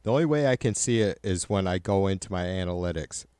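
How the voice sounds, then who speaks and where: A man's voice: low-pitched, lively intonation, fast talker, darkish tone, clean tone, no echo, clean studio sound. A man hosting a livestream in casual chat, swearing constantly and ranting heatedly to his viewers. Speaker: livestream host.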